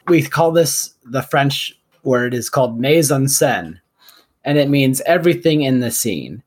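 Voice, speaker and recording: A man's voice: mid-range voice, animated, a little slow. A young man co-hosting a podcast, thinking aloud about a film with frequent uhs and restarts. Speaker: podcast co-host. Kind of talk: casual film discussion.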